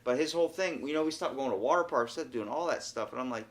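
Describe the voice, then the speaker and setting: A young man hosting a podcast, chatting casually and telling a story with lively acted-out voices. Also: mid-range voice, fast talker, hardly any pauses. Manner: animated storyteller, acts out quoted voices. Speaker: podcast host. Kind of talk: casual chat.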